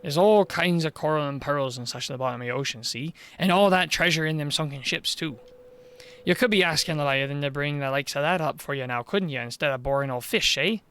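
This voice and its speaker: A man's voice: a little high, a little fast, a bit bright, smooth, voice pushed down, lightly acted. A man voicing a scheming middle-aged male village mayor in a video game, coaxing and wheedling with a put-on Welsh-style lilt. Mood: coaxing, sly.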